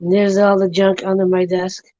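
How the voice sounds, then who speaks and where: A woman's voice: mid-range voice, little pitch movement, moderate pace, mellow, no echo, dull audio. A woman hosting a casual livestream chat from her home room, telling stories in a rambling, giggly way.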